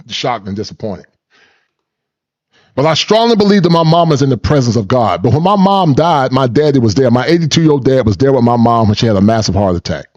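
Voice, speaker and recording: A man's voice: mid-range voice, darkish tone. Middle-aged male commentator, preachy, repetitive, slightly muffled recording. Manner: preachy, repetitive, laughs at own points, folksy slang. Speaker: channel host and commentator. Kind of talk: reaction commentary.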